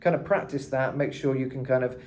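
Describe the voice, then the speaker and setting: A man's voice: medium pitch, steady tone, a little fast, darkish tone. A man giving a casual singing tutorial, chatting loosely with lots of fillers and asides. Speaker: vocal coach. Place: hot room indoors.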